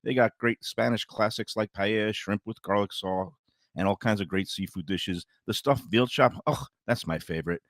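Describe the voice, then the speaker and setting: A man's voice: on the low side, moderate pace, a bit bright, no room sound, clean studio sound. A man reading upbeat restaurant advertisements on a talk show. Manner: upbeat, promotional. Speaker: radio show ad reader. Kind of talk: read-out restaurant ads.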